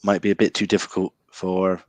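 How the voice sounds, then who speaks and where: A man's voice: low-pitched, level tone, a little fast, a little mellow, dry recording. A man talking about a film as a guest in a casual chat, hesitant and full of restarts. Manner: hesitant, restarts with many ums.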